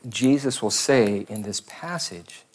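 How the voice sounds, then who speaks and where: A man with a somewhat low voice preaches a casual sermon to his church. He talks conversationally and rambles, dropping self-deprecating asides along the way. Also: expressive, takes it slowly. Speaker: pastor.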